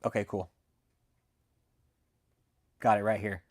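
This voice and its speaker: A man's voice: lowish voice, flat delivery, slow pace. A young adult man hosting a channel, telling a story to his viewers in a brash, profane, casual rant. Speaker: channel host.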